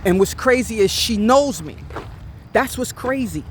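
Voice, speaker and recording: Slow-talking woman confiding on a walk. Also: a little high, animated, slight background noise. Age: 50s. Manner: confiding, with frequent "right?" check-ins. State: slightly out of breath. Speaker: vlogger. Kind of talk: casual storytelling while walking. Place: outdoors on a walk.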